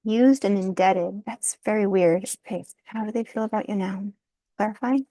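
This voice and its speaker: A woman's voice: medium pitch, normal speed, dark tone, no room sound. A woman doing a casual tarot card reading, thinking aloud, often breaking into laughter and apologizing. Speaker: tarot reader.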